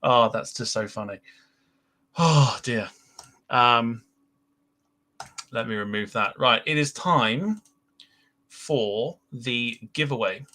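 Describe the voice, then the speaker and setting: A man's voice: mid-range voice, takes it slowly, pauses often. Giggly British man hosting a live podcast. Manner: laughs a lot, giggly and animated. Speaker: podcast host. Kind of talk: casual live-stream chat.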